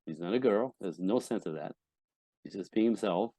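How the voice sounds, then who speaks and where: A man's voice: lowish voice, lively intonation, moderate pace, warm tone, dry recording. A man on a podcast as a relationship coach guest, speaking bluntly and emphatically, swearing often and acting out quoted partners. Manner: acts out quoted voices of wives and husbands. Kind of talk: candid podcast interview.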